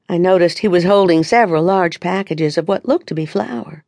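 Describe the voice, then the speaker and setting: A woman's voice: lowish voice, moderate pace, vocal fry, few pauses, a little mellow, dry recording. A woman narrating a first-person romance audiobook in an intimate, confiding way on a close studio mic.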